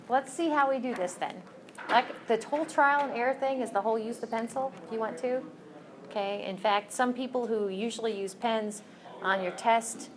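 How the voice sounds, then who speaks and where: A woman's voice: medium pitch, a little hiss or hum. A woman teaching chemistry in a recorded lecture, chatty and self-correcting, with joking asides to her students. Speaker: chemistry instructor.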